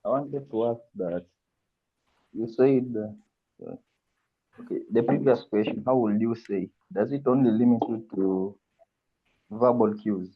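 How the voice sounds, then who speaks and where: Male student on a video call, halting question, low-pitched, tinny phone-quality sound. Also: slightly rough. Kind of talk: asking a question in an online class.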